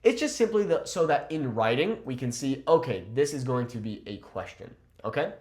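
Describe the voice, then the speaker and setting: A man teaching a language lesson, slowly repeating phrases and often checking in with "okay?". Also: medium pitch, big pitch swings, darkish tone. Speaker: Spanish teacher. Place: Mexico.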